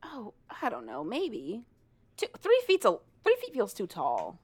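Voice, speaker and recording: A woman's voice: mid-range voice, huge pitch swings, unhurried, breathy edge, no echo. A woman casually recapping a story with a co-host, speaking hesitantly with many restarts.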